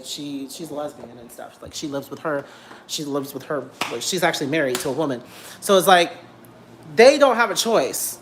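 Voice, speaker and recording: A young man vlogging from home in a casual rant, animated and blunt, repeating himself and swearing freely. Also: fairly high pitch, a little hiss or hum. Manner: animated, repetitive, blunt and profane.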